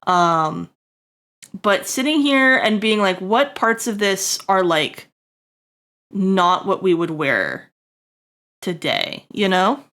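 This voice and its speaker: A woman's voice: expressive, takes it slowly, pauses often. A woman streamer giving a casual character design critique, rambling with lots of fillers and checking in with "right?". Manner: jokey asides to chat, bursts high and loud.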